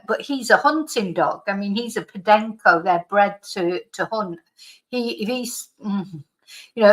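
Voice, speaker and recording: Woman rambling thru a story at home, bright kinda sharp voice, lots of asides. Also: mid-range voice, low-quality recording. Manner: rambling, digressive, with many asides. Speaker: vlogger. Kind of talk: casual chatty storytelling. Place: at home by a computer.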